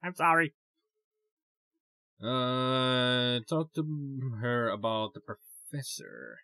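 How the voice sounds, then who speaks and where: A man's voice: medium pitch, lively intonation, very slow, gravelly, pushed and bright, no room sound, clean studio sound. A man hosting a let's play, thinking aloud with many fillers in casual commentary.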